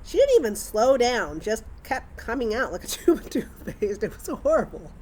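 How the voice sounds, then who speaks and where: A young woman telling casual family anecdotes as a mother, wry and animated, acting out the dialogue as she goes. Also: a little high, moderate pace, a little hiss or hum.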